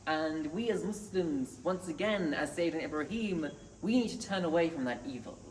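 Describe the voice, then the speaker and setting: A man's voice: on the high side, lively intonation, moderate pace. A man giving an earnest Friday sermon in a mosque, reciting Arabic scripture between his points. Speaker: mosque preacher. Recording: echoey hall, distant mic, faint noise.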